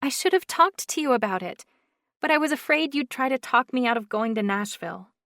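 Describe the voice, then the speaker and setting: A woman's voice: sits high, animated, brisk, a bit bright, dry recording, studio quality, pitched above the performer's own voice. A woman narrator voicing a timid young woman singer who speaks in a feathery, quivering voice. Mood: tearful, apologetic. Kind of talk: audiobook narration.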